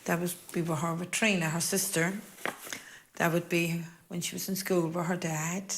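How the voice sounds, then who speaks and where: A middle-aged Irish woman speaking in an interview as a bereaved mother, with a soft, halting and hesitant way of talking. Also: lowish voice, little pitch movement, background noise. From Ireland. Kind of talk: emotional interview recollection.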